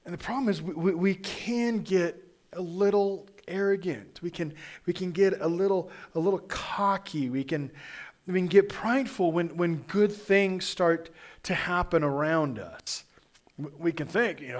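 A man from Kansas delivers a sermon in an easygoing, conversational way. His voice sits a little high for a man, and he keeps stumbling over and repeating words as he talks. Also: unhurried. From Kansas, USA. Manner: conversational, animated, many restarts and stammered repeats. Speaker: pastor.

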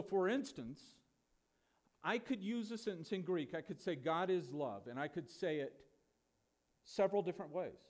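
Higher-voiced man preaching a sermon. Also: a little mellow. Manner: emphatic preaching with rhetorical questions. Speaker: pastor.

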